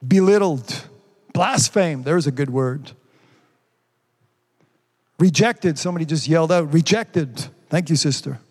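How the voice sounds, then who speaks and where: Man, pastor, preaching, high voice, rhetorical questions, long church reverb. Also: normal speed, darkish tone. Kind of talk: sermon.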